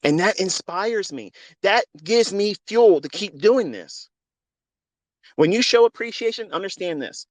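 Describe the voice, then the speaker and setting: A man's voice: high voice, lively intonation, unhurried, no echo. A middle-aged man speaking into a phone as a mentor, in a fervent, preachy monologue that mixes faith with casual swearing. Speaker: trading mentor. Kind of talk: impassioned spoken monologue.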